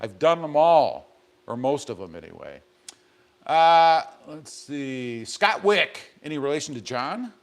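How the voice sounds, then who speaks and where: Man hosting a chatty live stream from a garage, reads comments and jokes, slightly high voice. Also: big pitch swings, a little slow. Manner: joking, rambling, reads viewer comments aloud. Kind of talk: casual live stream chat reading comments. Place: home garage.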